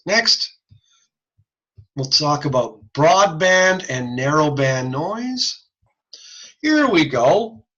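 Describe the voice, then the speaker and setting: A man giving a recorded lecture on hearing and speech sounds, casual and animated, often demonstrating sounds aloud. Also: a little high, lo-fi sound.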